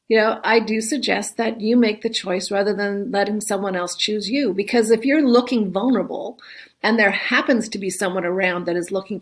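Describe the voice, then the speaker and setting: A chatty woman speaks as a guest in a relaxed interview, laughing easily and tagging her points with "right?". Her voice sits in an ordinary middle range. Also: medium pitch. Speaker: guest, solo travel expert. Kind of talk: conversational interview.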